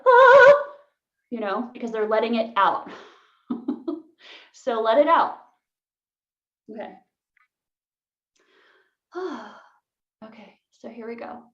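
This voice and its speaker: Woman, voice coach, casual and giggly, higher voice; echoey room, muffled online audio. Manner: chatty, laughs easily, many "like" fillers. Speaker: voice workshop leader.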